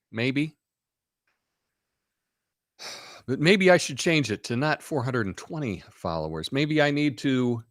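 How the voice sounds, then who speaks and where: A man's voice: on the high side, fairly bright tone, no room sound, clean studio sound. A man hosting a casual live stream, rambling in an offhand way and reading out chat comments.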